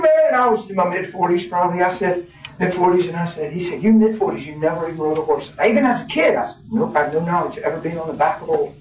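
A man in his fifties preaching a sermon, folksy and animated, laughing as he tells stories. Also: high-pitched, fast. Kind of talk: sermon with storytelling. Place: church hall. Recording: echoey hall from far off, crowd. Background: congregation.

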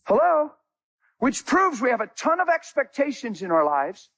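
Male preacher, high voice, husky, animated sermon, storytelling. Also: normal speed. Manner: animated, storytelling with acted dialogue and laughter. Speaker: guest preacher.

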